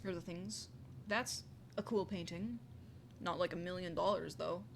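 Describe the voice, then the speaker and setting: A woman's voice: on the low side, normal speed, creaky, a little hiss or hum. A woman streaming a video game from her home desk, chatting casually and playfully and reading the on-screen text aloud with frequent giggles. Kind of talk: casual gaming commentary. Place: home desk with a squeaky chair.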